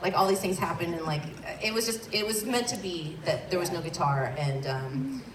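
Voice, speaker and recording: A woman's voice: on the low side, animated, normal speed. A woman musician from Southern California chatting as an interview guest, rambling with many restarts and fillers. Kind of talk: casual interview chat. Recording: roomy, distant mic, crowd and noise.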